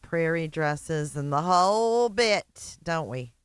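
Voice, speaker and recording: A woman's voice: low voice, lively intonation, takes it slowly, few pauses, clean tone, dry recording, studio quality. A woman hosting a commentary channel, reacting to clips with mocking, sarcastic asides and repeating lines back.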